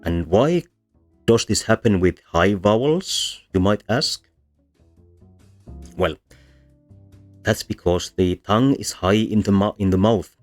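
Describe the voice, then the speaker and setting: A man's voice: lowish voice, animated, takes it slowly, long pauses. A man presenting a linguistics lecture from slides, explaining step by step with frequent ums and self-corrections. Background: soft bossa music.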